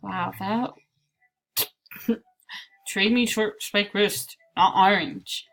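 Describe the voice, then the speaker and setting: Playful slow-talking woman, slightly sick. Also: mid-range voice, steady tone, creaky, fairly bright tone, a little hiss or hum. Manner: playful, chatty, drifts into whispered asides. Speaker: gameplay video creator. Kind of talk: casual gameplay commentary.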